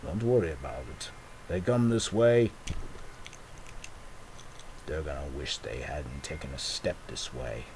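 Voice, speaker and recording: A man's voice: very deep voice, expressive, measured pace, long pauses, a little mellow, a little hiss or hum, pitched below the performer's own voice, heavily acted, low-quality recording. A man voicing a bossy, protective pirate leader in a homemade toy movie. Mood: threatening.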